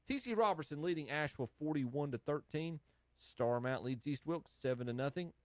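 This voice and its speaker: A man hosting a live radio scoreboard show, running through high school football scores in casual studio banter and laughing often. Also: expressive, brisk, dry recording. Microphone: studio microphone.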